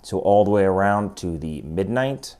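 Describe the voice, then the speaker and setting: Low-voiced man chatting through a review. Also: lively intonation, moderate pace, darkish tone. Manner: chatty, enthusiastic, explains step by step. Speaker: watch reviewer. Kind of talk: casual product review.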